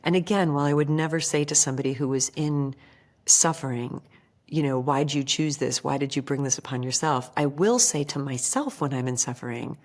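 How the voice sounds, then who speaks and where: A woman with a low voice is a guest on a casual podcast. She tells stories with animation and acts out the voices she quotes. Her talk is full of "like". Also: brisk. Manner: animated storyteller who acts out quoted voices, heavy use of "like".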